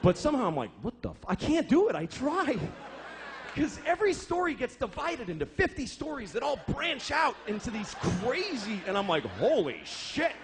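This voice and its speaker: A man's voice: extremely high pitch, big pitch swings, moderate pace, noisy background. A man doing a stand-up comedy routine, telling stories in a profane, exasperated way. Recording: live show with audience laughter. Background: crowd laughter.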